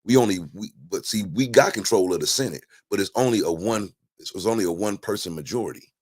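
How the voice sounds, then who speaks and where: Speaking fast in a lowish voice with a breathy edge, a talk show guest rambles casually about politics, telling stories animatedly amid lots of fillers and restarts.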